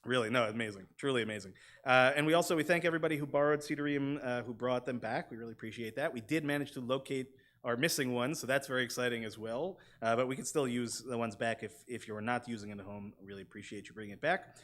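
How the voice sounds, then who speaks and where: A man's voice: mid-range voice, fast, a bit bright. A congested man chatting through announcements as leader of a synagogue service, with loose trailing asides. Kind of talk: congregation announcements. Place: synagogue sanctuary.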